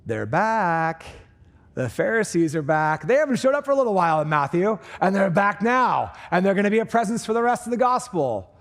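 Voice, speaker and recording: High-voiced man preaching a conversational sermon. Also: brisk. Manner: conversational preaching, animated asides. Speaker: pastor. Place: church sanctuary.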